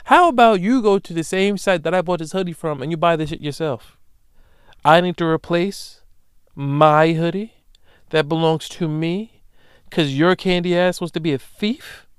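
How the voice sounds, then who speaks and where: A young man hosting a solo comedic podcast, ranting emphatically with profanity and loud animated bursts. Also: fairly high pitch, normal speed, smooth, dry recording, clean studio sound. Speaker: podcast host.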